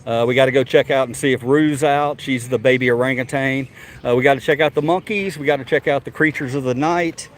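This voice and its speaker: A man with a drawl talks in a loose, chatty way, addressing his viewers and the animals as he goes. He records on a handheld phone outdoors, and his voice sits at an ordinary middle pitch. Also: steady tone, a little fast. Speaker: vlogger. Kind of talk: casual walking vlog. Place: outdoors at a zoo.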